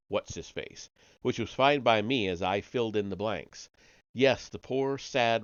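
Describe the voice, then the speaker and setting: A low-voiced man reads a science-fiction story aloud on a live stream, relaxed and conversational, fixing his slips as he goes. The recording is dry and a little muffled, with no room sound. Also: clean tone, no room sound. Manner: casual first-person reading with slips and restarts. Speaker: host reading stories aloud.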